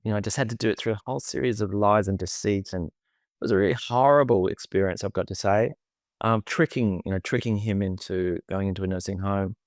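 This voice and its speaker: A man's voice: fairly low pitch, quick pace, darkish tone, no echo, studio quality. A man, co-hosting a podcast as a therapist and telling a personal story in an emotive, chatty way. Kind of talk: casual conversation.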